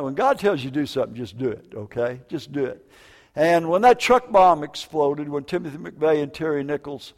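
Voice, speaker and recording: A man's voice: on the high side, creaky, darkish tone. An older man preaching a sermon, telling a personal story in a folksy, emotional way with frequent asides. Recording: long hall reverb.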